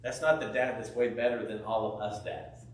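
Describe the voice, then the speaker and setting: A man preaching a sermon, telling a parable with lively acted-out voices of the characters. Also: medium pitch, normal speed, heavy reverb, distant mic, slight background noise, low-quality recording. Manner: animated storytelling, acting out biblical characters' voices. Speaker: pastor.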